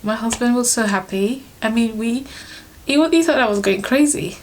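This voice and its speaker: A woman's voice: on the high side, normal speed, a little hiss or hum. A young woman vlogger telling a personal story to camera, emotional and laughing often, restarting her sentences as she goes. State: pregnant, third trimester.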